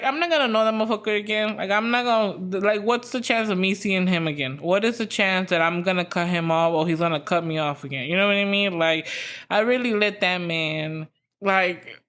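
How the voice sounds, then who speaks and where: A woman's voice: on the low side, a bit bright. A young adult woman hosting a podcast, telling a story in a casual, profane, rambling way full of fillers. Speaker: podcast host.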